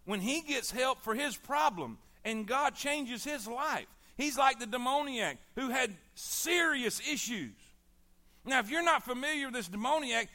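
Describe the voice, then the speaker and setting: A middle-aged man with a drawl delivers an emphatic sermon. His voice sits high and sounds bright and forceful, and it swings between ringing exhortation and low, hushed appeals. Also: lively intonation, unhurried. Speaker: preacher.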